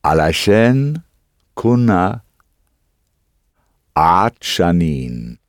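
Deep-voiced male language student. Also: very animated, no echo, studio quality. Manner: answers drills, quick to acknowledge corrections.

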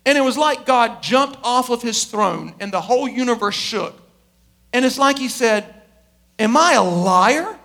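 A middle-aged man preaching a sermon as pastor, swinging between loud pleading and quiet intensity. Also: extremely high pitch, moderate pace.

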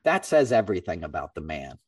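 A middle-aged man hosting a podcast, telling a story in a casual, animated way and acting out other people's lines. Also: low-pitched, a little fast, husky, no echo, recorded from a distance. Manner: animated, acts out quoted voices. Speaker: podcast host.

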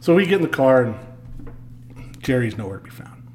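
Animated man telling a rowdy story. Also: medium pitch, a little fast, a little hiss or hum. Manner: animated, swears freely, acts out the people in his story. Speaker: podcast guest. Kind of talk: casual storytelling.

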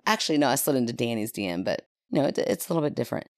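A chatty woman hosting a podcast, her voice sitting very low. She talks casually with quick asides and laughs, then reads a listener story aloud. The sound is dry and close. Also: big pitch swings, darkish tone, dry recording. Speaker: podcast host.

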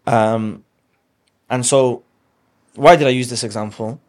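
A man as a guest speaker, telling a religious story in conversation with animated emphasis and Arabic phrases. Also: medium pitch, slow pace.

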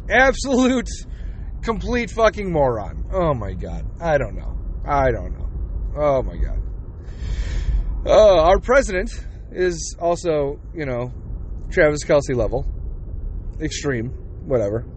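High-voiced man ranting with angry profanity. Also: big pitch swings, slow, long pauses, a little mellow, slight background noise. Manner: angry, sweary, sarcastic. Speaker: podcast host. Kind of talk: profane solo rant.

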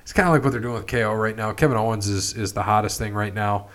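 A man's voice: fairly low pitch, fast, a bit bright. A man hosting a casual chat, rambling through a recap with lots of fillers and restarts. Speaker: podcast host.

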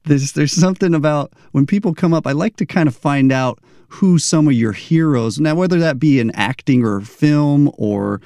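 A man hosting a casual interview over a video call, chatty and quick to laugh, sometimes wandering off on tangents. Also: medium pitch, darkish tone, dry recording, clean studio sound. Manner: chatty, laughs often, digresses. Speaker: podcast host.

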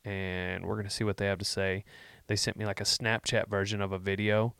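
Guy hosting a vlog, low voice, deadpan jokes, wanders off on tangents. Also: fairly quick, gravelly, clean tone, dry recording. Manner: joking, deadpan, wandering asides. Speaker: vlog host answering viewer questions. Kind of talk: casual rambling chat.

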